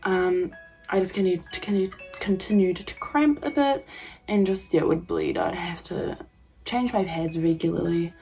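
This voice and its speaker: A young woman vlogging to camera, telling a personal story in a halting way full of ums and likes. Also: lowish voice, sing-song, a little mellow, faint music behind, poor audio.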